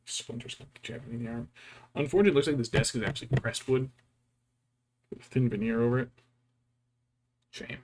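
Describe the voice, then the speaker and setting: A man, a VTuber, chatting casually and telling stories while painting miniatures, slipping into quiet whispers and quick mock voices. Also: mid-range voice, noisy background. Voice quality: gravelly and husky. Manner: storytelling, doing brief mock voices for his wife and cats; often drops to a quiet whisper.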